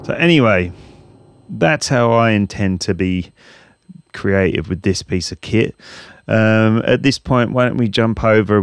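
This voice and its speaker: A man hosting a casual walkthrough in his home music studio, talking in a relaxed, rambling way with plenty of ums. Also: low voice, vocal fry, no echo. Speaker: music producer and channel host. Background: music samples playing.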